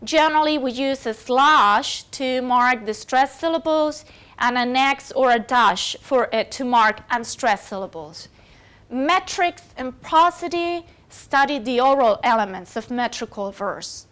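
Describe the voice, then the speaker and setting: A woman's voice: sits high, a little slow, a bit bright, clear, resonant tone. A woman whose first language is Spanish, giving a recorded university lecture with many fillers and self-corrections.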